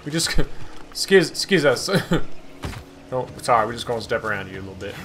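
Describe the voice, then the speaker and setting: A man hosting a gaming channel, giving excitable let's-play commentary, swearing and talking back to the game. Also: medium pitch, brisk, a little hiss or hum. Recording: voice over loud game music.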